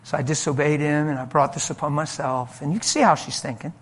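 A man preaching a sermon and telling a story from his ministry, animated and emphatic, moving between loud and soft delivery. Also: fairly high pitch, fast talker, breathy edge. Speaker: pastor.

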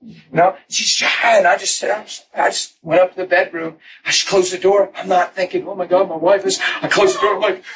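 A man preaching a personal testimony in an animated storytelling way, laughing and shouting at the peaks. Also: high-pitched, a little fast. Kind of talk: testimony sermon. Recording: distant mic with noisy room ambience.

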